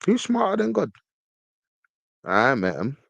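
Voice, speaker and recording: A man talks on his podcast in a casual, emphatic way. His pitch sits at a middle height, and his voice sounds close and dry, with no room echo around it. He often repeats words when he pushes a point. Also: huge pitch swings, unhurried, vocal fry, fairly bright tone. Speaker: podcast host. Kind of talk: casual commentary reading from a screen.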